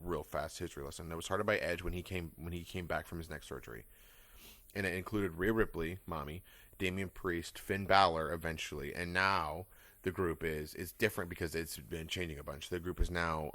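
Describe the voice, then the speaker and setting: Deep-voiced man explaining wrestling eagerly. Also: fairly even intonation, brisk, a bit bright, no room sound. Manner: enthusiastic wrestling fan, explains eagerly with frequent laughs and fillers. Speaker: podcast co-host. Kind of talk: casual chat.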